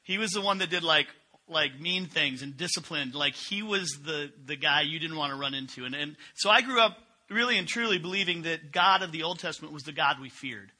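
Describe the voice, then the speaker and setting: A man's voice: a little high, brisk, sharp tone. A middle-aged man preaching a sermon in a conversational way, often asking the congregation questions. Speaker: pastor.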